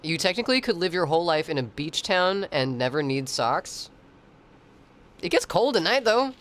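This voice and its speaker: A man's voice: fairly high pitch, big pitch swings, moderate pace, fairly bright tone. A man streaming and chatting casually with viewers, rambling, swearing freely and laughing often. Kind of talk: casual chat.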